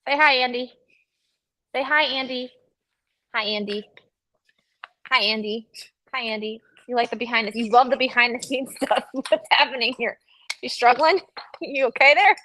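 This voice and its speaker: Bright chatty woman hosting a livestream. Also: on the high side, moderate pace, pauses often. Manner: chatty, teasing, laughs often. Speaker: livestream host. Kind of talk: casual chat with live viewers. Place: studio.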